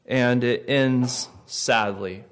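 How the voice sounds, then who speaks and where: Male pastor, mid-range voice, expressive sermon delivery with dramatic quiet moments. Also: medium pitch, clean tone. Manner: storytelling with dramatic drops to soft, slow phrases.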